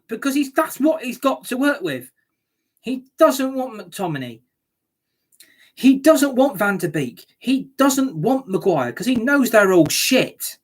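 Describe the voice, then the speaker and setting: A woman's voice: on the high side, very animated, slow pace. A woman ranting angrily as a football fan reacting to a match, sweary and scornful.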